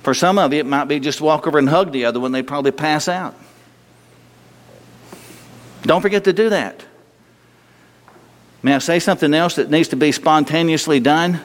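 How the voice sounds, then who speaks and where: A man's voice: fairly high pitch, a little fast. Man, pastor, folksy humorous sermon, bursts of emphasis, reverberant church hall. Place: church sanctuary.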